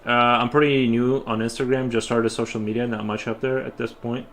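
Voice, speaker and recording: A man's voice: medium pitch, little pitch movement, a bit bright. Rambling male streamer chatting while drawing. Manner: rambling, halting, many restarts and fillers. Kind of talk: casual livestream chat. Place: home studio while drawing.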